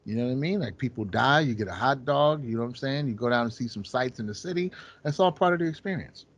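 A man in casual podcast chat, animated and profane, acting out quotes as he tells stories. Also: medium pitch, fast.

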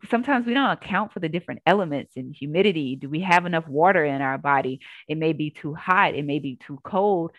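A woman yoga instructor telling her story in a casual interview, earnest and animated, acting out what people said. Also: deep voice, fast, few pauses, no echo, narrow, tinny audio.

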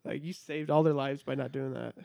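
A man co-hosting a casual podcast, trading playful banter and quick reactions. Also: mid-range voice, fairly even intonation, vocal fry, a little mellow, no echo. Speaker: podcast co-host. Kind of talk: casual chat.

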